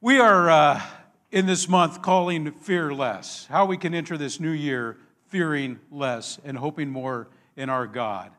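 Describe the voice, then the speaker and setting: A man's voice: a little high, measured pace. A man, a pastor, preaching a sermon in a conversational, storytelling manner, with laughs at his own expense. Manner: conversational, warm storytelling with self-deprecating laughs.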